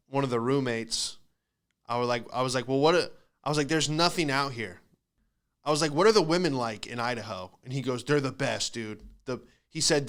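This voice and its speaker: A young man hosting a comedy podcast, telling a rambling, profane story and acting out the quick back-and-forth of what people said. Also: medium pitch, a bit bright, clear, resonant tone.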